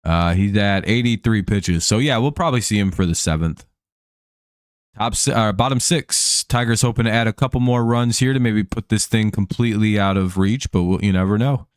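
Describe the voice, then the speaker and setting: Smooth-voiced, profane game-stream host. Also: male voice, lowish voice, moderate pace, no room sound, clean studio sound. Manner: profane, joking, chatty. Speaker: streamer hosting a baseball watch-along. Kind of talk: casual live-stream game commentary.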